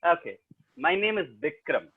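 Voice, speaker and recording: South Indian male storyteller, higher-pitched voice, playful and teasing, on a video call with a tinny, phone-like sound. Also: big pitch swings, normal speed, husky. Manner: playful, teasing, talks straight to the audience. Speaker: professional storyteller. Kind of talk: interactive storytelling webinar. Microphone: laptop mic over a video call.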